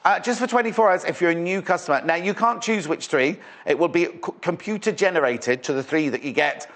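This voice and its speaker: A man's voice: on the high side, a little fast, fairly bright tone. A man presenting live on a shopping channel in a studio, with chatty, rambling sales patter.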